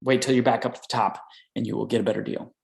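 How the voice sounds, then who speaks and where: A man's voice: mid-range voice, fast, gravelly, reverberant, low-quality recording. A man coaching inventors on licensing deals in a live question-and-answer session, talking energetically and tagging "right?" onto his points. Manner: energetic, repeats "right?" often.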